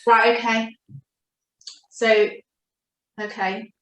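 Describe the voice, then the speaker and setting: Gentle woman reading chakras. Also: on the high side, level tone. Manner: gentle, reassuring, speaks slowly when addressing her guide. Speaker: oracle card reader and coach. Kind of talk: spiritual chakra reading session. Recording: echoey room.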